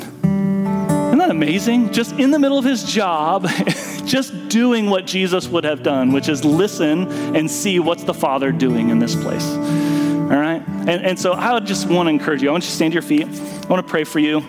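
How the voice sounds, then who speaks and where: A man's voice: on the high side, moderate pace. A man preaching a sermon as pastor, earnest and conversational, with fillers and restarts. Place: church sanctuary. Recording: church hall reverb with guitar music.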